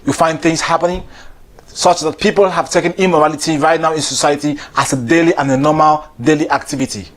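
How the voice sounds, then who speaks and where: A man's voice: on the high side, fairly even intonation, fairly quick, a bit bright. A comedian host delivering a playful comic monologue and often laughing through his lines. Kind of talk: stand-up style comic monologue.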